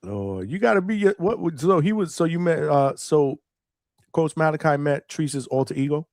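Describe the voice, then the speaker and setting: A man's voice: on the high side, lively intonation, moderate pace, a little mellow, dry recording, studio quality. A man hosting a call-in show, arguing and laughing in casual banter. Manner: argumentative, laughing.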